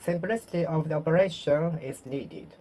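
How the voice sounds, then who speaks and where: A woman whose first language is Japanese, speaking English to herself in a slow self-study monologue, repeating words and correcting her phrasing. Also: sits low, dark tone. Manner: slow, repetitive, self-correcting practice speech. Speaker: vlogger practicing English.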